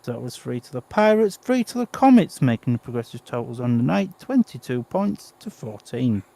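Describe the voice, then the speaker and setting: A British man, a co-host, calling speedway races in casual play-by-play, excitable and a bit breathless, with plenty of fillers. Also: medium pitch, moderate pace, vocal fry. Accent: British English. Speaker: co-host doing race commentary.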